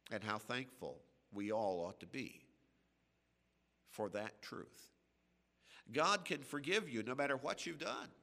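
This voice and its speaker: A man preaching a radio sermon, slow and emphatic, with dramatic pauses between phrases. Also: mid-range voice, creaky, sharp tone, big-room sound.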